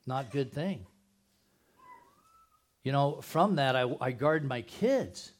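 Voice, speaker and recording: A man's voice: mid-range voice, animated, takes it slowly. A man preaching a conversational sermon as pastor at a church service, asking the congregation questions and dropping jokey asides.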